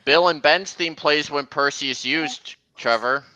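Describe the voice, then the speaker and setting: A man running a casual watch-along stream, talking slowly and chattily as he points out details to his viewers. His voice sits a little high and sounds bright and clear. The sound is dry and close. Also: no echo, lo-fi sound. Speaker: stream host. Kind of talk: casual commentary over video clips.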